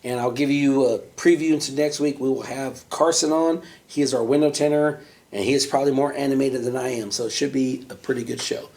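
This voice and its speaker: A podcast host tells a profane workplace story in casual chat, animatedly acting out quoted voices in a raised tone and scattering fillers like "right?" and "you know." His mid-range voice runs a little fast, with slight background noise.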